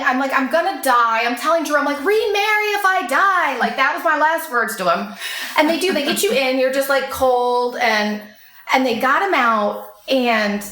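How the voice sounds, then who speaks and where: Bright-voiced woman telling a story. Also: on the high side. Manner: animated, swears freely, acts out quoted voices. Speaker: podcast guest. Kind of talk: casual storytelling chat. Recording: echoey room.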